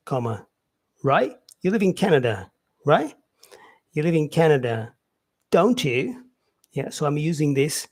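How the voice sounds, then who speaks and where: Male English teacher, slightly higher pitch, relaxed and repetitive explainer. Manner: repeats example sentences, frequent "yeah" and "um" fillers. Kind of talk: casual spoken lesson.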